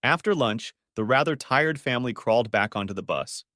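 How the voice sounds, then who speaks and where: A man's voice: medium pitch, expressive, brisk, sharp tone, dry recording, clean studio sound. A man narrating a first-person story in a bitter, tight-lipped way.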